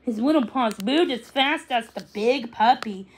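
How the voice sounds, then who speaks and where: Woman, story reader, children's book, high voice, slow, occasional slips. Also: noisy background. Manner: unhurried, with small slips and restarts. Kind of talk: reading a children's book aloud.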